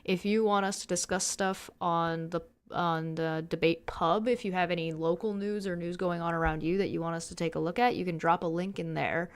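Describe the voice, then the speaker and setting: A woman's voice: lowish voice, steady tone, a little fast, hardly any pauses, clean tone. A woman hosting a casual livestream, giving chatty announcements and reading out viewer questions. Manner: chatty, loose announcements with fillers.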